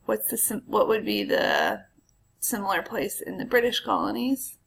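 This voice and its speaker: A woman's voice: medium pitch, sing-song, moderate pace, gravelly, poor audio. A woman history teacher giving a casual recorded lecture, chatty and full of ums, with asides to her students.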